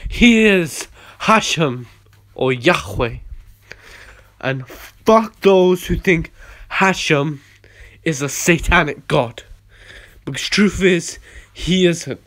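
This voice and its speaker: A man delivering a ranting monologue to camera, emphatic and repetitive, swinging between quiet and loud. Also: a little high, expressive, slow, pauses often. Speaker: video blogger.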